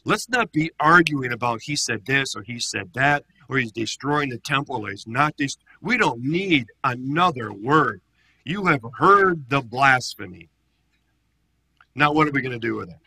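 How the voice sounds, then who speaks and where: A man voicing an outraged ancient high priest who rants indignantly. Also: lively intonation, moderate pace, creaky, slightly rough, exaggerated voice, poor audio. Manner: indignant, shouting rant.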